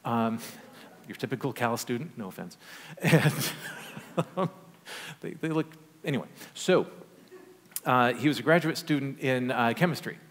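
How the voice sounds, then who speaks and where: A male pastor preaches in a relaxed, storytelling way, tossing in wry asides as he goes. His medium-pitched voice rings out with a long reverb, as in a church sanctuary. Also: a little slow, long pauses. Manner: conversational, animated storytelling with asides. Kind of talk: sermon storytelling.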